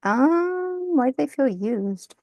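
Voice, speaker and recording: A woman's voice: sits high, expressive, takes it slowly, no echo, dull audio. A woman doing a casual tarot card reading, thinking aloud, often breaking into laughter and apologizing. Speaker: tarot reader.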